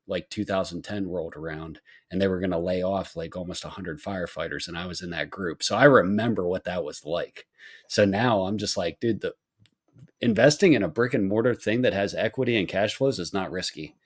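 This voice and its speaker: Podcast host, male firefighter, low voice, earnest, keeps restarting sentences. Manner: earnest, rambling, with frequent restarts. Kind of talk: casual podcast conversation.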